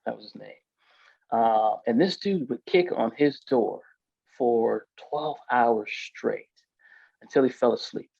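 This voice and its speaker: A man's voice: mid-range voice, lively intonation, slow pace, vocal fry, a little mellow, breathy edge, no echo. A man recounts his past as a podcast guest in a loose, emphatic way, leaning on "like" and "yo." His voice sits mid-range. The sound is dry and a little muffled. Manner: casual, emphatic, filler-heavy with frequent "like" and "yo". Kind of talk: storytelling in an interview.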